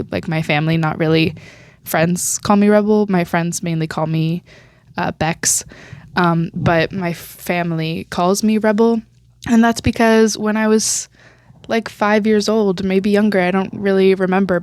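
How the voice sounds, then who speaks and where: A woman's voice: on the low side, darkish tone, no room sound, studio quality. Young woman rambling on a podcast, teary. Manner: chatty and rambling, laughs often, fillers like um and like. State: teary and emotional. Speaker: podcast host. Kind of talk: casual solo podcast rambling.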